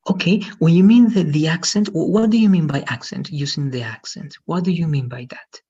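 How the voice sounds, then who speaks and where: A man's voice: a little high, fairly quick, dark tone, husky, lo-fi sound. A male English teacher, patiently explaining word stress in an online lesson and checking understanding often.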